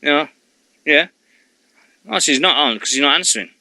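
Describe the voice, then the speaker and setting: A man's voice: fairly high pitch, lively intonation, normal speed, sharp tone, no echo. A middle-aged man hosting a wrestling radio show, rambling and jokey in casual chat, swearing freely.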